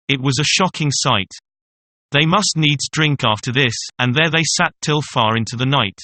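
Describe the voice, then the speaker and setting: A man narrating a fairy tale in a measured, even storytelling manner. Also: medium pitch, no echo.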